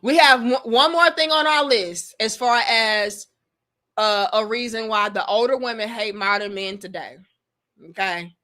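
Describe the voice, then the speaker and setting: A woman hosting a casual livestream, reading chat comments and giving blunt, profane, animated advice. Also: on the high side, measured pace.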